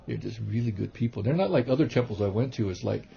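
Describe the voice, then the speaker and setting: A man, a kung fu teacher and reverend, telling rambling, animated stories in a casual interview, with many restarts. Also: lowish voice, fast talker, gravelly. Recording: dull lo-fi recording.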